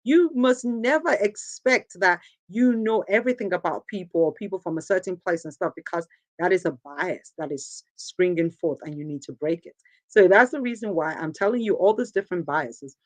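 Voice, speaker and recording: A woman's voice: on the low side, moderate pace, no room sound. Nigerian woman giving a pep talk, earnest and emphatic, dry close sound. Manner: earnest, emphatic, repeats phrases for stress. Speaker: host. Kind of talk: motivational talk.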